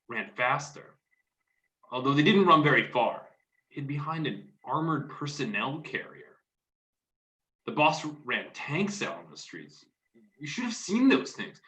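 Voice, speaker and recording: Man reading a rough, profane football hooligan. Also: mid-range voice. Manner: rough, profane, excited storytelling. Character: rough young male football fan in street fight. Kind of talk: staged play reading. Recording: roomy echo.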